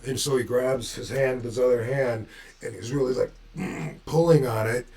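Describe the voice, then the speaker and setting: A laid-back man telling a story in a casual, unhurried way. His pitch sits in an ordinary middle range, and he swears freely as he chuckles through it. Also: a little mellow.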